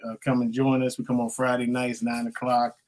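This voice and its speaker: A man guests on a podcast and plugs his own show in an easygoing, chatty way. His voice sits at a middle pitch. He sounds relaxed and informal. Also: brisk. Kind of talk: casual chat.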